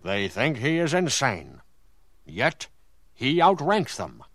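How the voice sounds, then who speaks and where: A man giving deadpan, authoritative narration in a mock instructional film. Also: medium pitch, slow pace, slight background noise.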